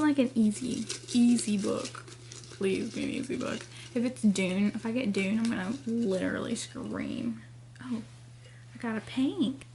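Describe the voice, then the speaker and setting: Young female book vlogger, tired, chatty, hushed at times; mellow tone, faint room hiss. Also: on the high side. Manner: chatty, giggly, often drops to a hushed near-whisper. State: tired and sleepy late at night. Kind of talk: casual chat to camera. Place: home at night with family nearby.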